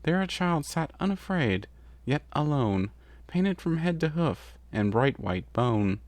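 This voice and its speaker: A man reading a rhyming fan story aloud in an even narrative rhythm. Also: on the high side, measured pace, no echo. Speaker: story reader. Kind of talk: scripted narration.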